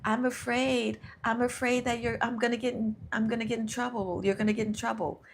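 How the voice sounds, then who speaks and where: A woman's voice: fairly high pitch, little pitch movement, brisk, creaky, slight background noise, pitched above the performer's own voice. A woman voicing her own fear as a timid, worried little voice that whines and pleads anxiously. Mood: fretful.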